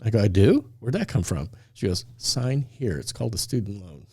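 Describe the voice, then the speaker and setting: A man's voice: on the low side, animated, normal speed, warm tone, slightly rough, no echo, studio quality. A man telling a personal story on a faith talk show, acting out the dialogue and laughing often.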